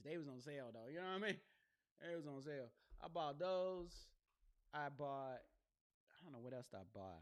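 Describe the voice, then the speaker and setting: This podcast host's voice runs on the high side, with lively intonation and a moderate pace. Speaking into a gaming headset in a home studio with a box light, he rambles casually in slang on his solo show and tosses in "you know what I mean?".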